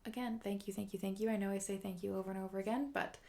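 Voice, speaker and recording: Fast-talking woman thanking her stream. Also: mid-range voice, steady tone, creaky, mellow. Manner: quick, rambling, thanking viewers over and over. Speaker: singer hosting her own livestream concert. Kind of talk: casual sign-off to viewers. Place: home streaming setup.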